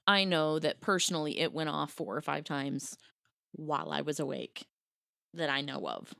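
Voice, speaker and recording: A woman's voice: sits low, expressive, moderate pace, gravelly, fairly bright tone, dry recording, studio quality. Exasperated profane woman, podcast co-host. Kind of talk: casual chat.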